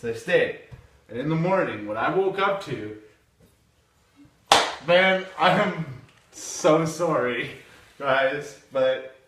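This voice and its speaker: A man's voice: on the high side, slow, pauses often, a little hiss or hum. Profane young man telling a story. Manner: profane, animated, laughing storyteller. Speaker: podcast host. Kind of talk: casual storytelling. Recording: echoey room from far off.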